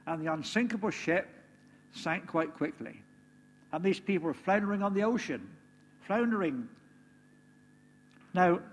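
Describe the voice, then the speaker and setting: Man preaching in an echoing hall. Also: a little high. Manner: conversational, asks the listeners tag questions. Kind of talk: sermon. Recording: reverberant hall, faint hum.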